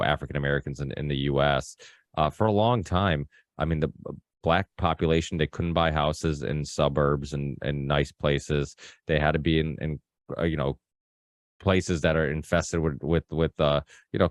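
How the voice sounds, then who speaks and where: Very deep-voiced man rambling on a podcast. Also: no room sound, studio quality. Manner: rambling, with many restarts and fillers; acts out quoted people in a raised voice. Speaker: podcast host. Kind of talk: casual podcast chat.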